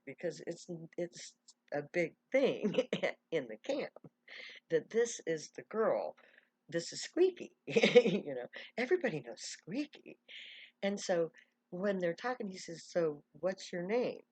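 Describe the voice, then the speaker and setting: Woman telling a story, laughs a lot, slow husky voice, lowish. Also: no echo. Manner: animated, laughing often, acting out quotes. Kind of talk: casual oral storytelling.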